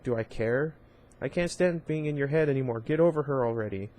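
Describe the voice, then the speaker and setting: A man's voice: medium pitch, a little fast, darkish tone, close to an everyday voice. A man voicing a bitter, sneering young woman in a storybook reading, in his own plain voice. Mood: scornful. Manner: sneering, blunt.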